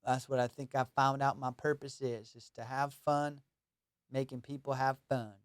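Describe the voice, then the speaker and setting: A young man hosting a solo comedy podcast, rambling loosely and joking while high on cannabis. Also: little pitch movement, normal speed, no room sound, studio quality. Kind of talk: casual solo podcast chat.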